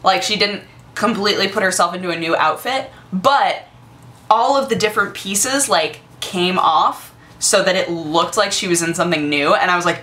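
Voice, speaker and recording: A young woman in her twenties chatting casually to the camera on her vlog, gushing and excitable with lots of fillers. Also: on the low side, moderate pace. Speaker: vlogger.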